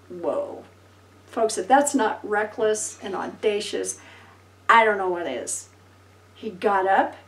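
A woman pastor preaching a sermon, telling Bible stories with lively acted-out voices and laughter. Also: medium pitch, reverberant, distant mic, poor audio. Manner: animated storytelling, acting out voices and laughing.

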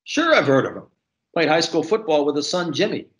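A man's voice: on the high side, sing-song, a little fast, a bit bright, voice pushed up. A man doing a blunt rural old-timer. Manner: blunt, incredulous, coarse. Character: blunt rural gas station man, war veteran.

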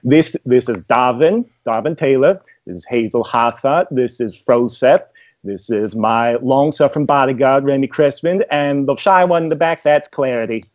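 A man playing in a tabletop game, talking casually and slipping between his character and himself. His voice sits at a middle pitch, recorded dry and close. The mic sounds dull and lo-fi. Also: normal speed, a little mellow, dry recording. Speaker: player.

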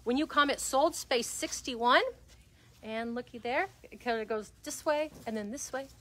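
A woman's voice: on the high side, moderate pace, a bit bright, a little hiss or hum. Chatty woman hosting a live shop sale. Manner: chatty, upbeat selling patter with fillers. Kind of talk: live shopping stream chat. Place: shop interior. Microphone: no microphone, speaking loudly.

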